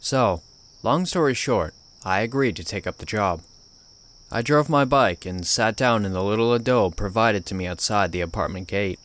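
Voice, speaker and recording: Man, horror story narration, lowish voice, measured grim delivery, crickets in background. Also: a bit bright. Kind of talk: scripted narration.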